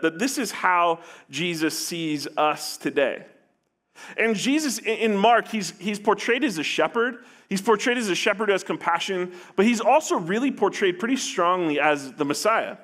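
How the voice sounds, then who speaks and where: Sitting high with a fairly bright tone, this pastor's voice carries an earnest sermon. He keeps restarting his phrases and acts out paraphrases of what people say.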